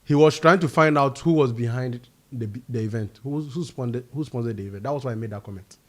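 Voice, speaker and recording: A man's voice: mid-range voice, quick pace, a bit bright. A man with a Ghanaian accent, an emphatic panelist in a discussion. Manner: emphatic, mixing English and Twi.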